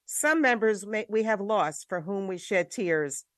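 A woman's voice: mid-range voice, lively intonation, unhurried, no room sound, clean studio sound. A woman with a New York accent, a radio co-host reading a listener's poem in an upbeat, rhythmic way.

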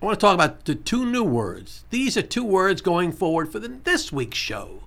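Animated high-voiced male talk show host. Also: gravelly. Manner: lively, repeats key points, slows down to spell out numbers. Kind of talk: casual radio talk show.

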